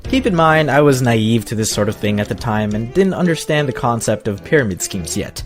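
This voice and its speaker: A man's voice: mid-range voice, big pitch swings, fairly quick, few pauses, over music. A man in his thirties narrating a personal story in a sarcastic, self-mocking way.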